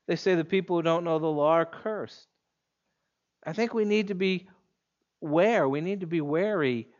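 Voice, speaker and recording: A man preaching an expository sermon in a measured, emphatic way, leaning on pointed pauses. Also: a little high, muffled recording.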